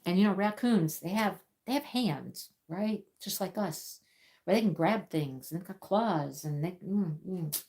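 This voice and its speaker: Woman, livestream host, slow talker, mellow tone, rambling casual chat, repeats her words, crafting at home. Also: fairly low pitch. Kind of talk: casual live-stream chat while crafting.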